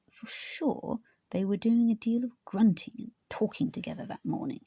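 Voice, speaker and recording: A woman reading a children's story aloud as an audiobook, gently, often slipping into a soft whisper. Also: medium pitch, breathy edge, dry recording. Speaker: audiobook reader. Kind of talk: scripted narration of a children's story.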